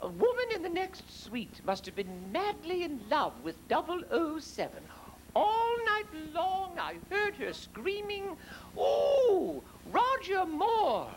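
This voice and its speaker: A man puts on a grand, catty older queen with a very high, swooping voice that leaps far up and down. She speaks slowly and imperiously, savoring each barb. A faint hiss sits under this live stage recording. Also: huge pitch swings, full character voice. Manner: grand, imperious, camp, with sudden drops into a low voice. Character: haughty aging female queen, grand and catty. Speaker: drag comedian. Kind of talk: stand-up drag impression.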